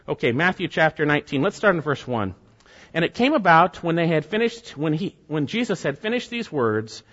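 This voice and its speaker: A man preaching a sermon as pastor, reading scripture aloud and explaining it in an earnest, deliberate way with gentle asides. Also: on the high side. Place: church sanctuary. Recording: long reverb, dull lo-fi sound.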